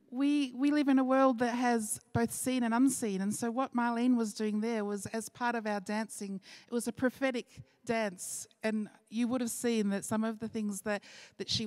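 A woman's voice: a little high, a little mellow, no echo. A woman leading a church service, chatting through announcements and laughing often.

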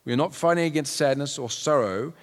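A man's voice: a little high, brisk. A man preaching a sermon in an earnest way, now and then acting out the people in a story. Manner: earnest, acts out quotes in raised voices. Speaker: pastor. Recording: long hall reverb.

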